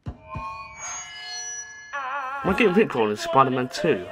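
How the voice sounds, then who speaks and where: A man's voice: medium pitch, big pitch swings, unhurried, long pauses, pushed and bright, faint music behind. A young man giving sarcastic, profanity-filled commentary while playing a video game. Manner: sarcastic, sweary running commentary. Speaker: gaming YouTuber. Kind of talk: gameplay commentary.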